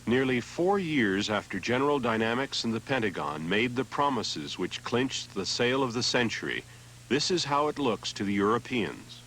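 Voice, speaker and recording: A man reading scripted documentary narration in an even, measured way. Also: medium pitch, a little hiss or hum, low-quality recording.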